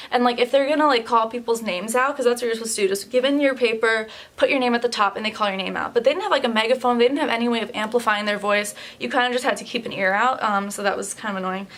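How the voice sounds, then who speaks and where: A woman's voice: on the high side, fast, hardly any pauses, fairly bright tone. Chatty young woman vlogger. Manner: chatty, lots of fillers, candid and tired. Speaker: beauty vlogger. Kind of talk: casual vlog chat.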